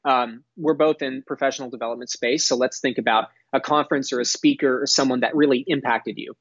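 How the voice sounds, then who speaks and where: A man's voice: mid-range voice, fairly even intonation, husky, no room sound. Articulate young man, dry muffled sound. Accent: none, mostly neutral American with a faint Texas drawl at times. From Dallas, Texas. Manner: articulate, earnest, measured with frequent restarts. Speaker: guest, entrepreneur. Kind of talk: podcast interview.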